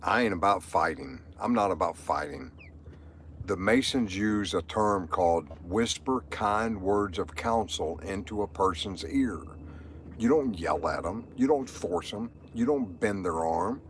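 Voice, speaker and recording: Middle-aged guy rambling on his live stream, low voice, repeats himself a lot, faint hum behind him. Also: lively intonation, unhurried. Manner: rambling, repetitive, emotional. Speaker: livestreamer. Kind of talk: live stream monologue, reading chat.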